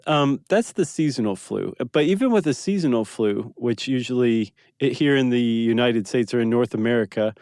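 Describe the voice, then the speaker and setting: A man's voice: medium pitch, moderate pace, hardly any pauses, a little mellow, no room sound, clean studio sound. A man co-hosting a podcast, explaining facts in curious, conversational casual chat. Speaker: podcast co-host.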